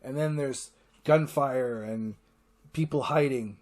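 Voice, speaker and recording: A man with a medium-pitched, somewhat dark voice hosts a casual solo podcast. He rambles enthusiastically through a retelling, swearing freely and acting out character lines in quick voices.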